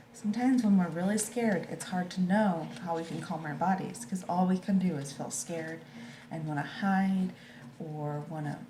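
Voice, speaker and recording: A woman teacher reading a picture book to children and talking it over with them in a gentle, reassuring way. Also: medium pitch. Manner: gentle, slow and reassuring, asks children questions. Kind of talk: storybook read-aloud with discussion. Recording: echoey room with faint background noise.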